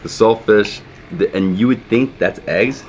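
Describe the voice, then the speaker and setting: Deep-voiced man eagerly tasting food. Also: a little slow, a little mellow, slight background noise. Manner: enthusiastic, reacts to each bite. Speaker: visiting food vlogger. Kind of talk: casual food tasting chat.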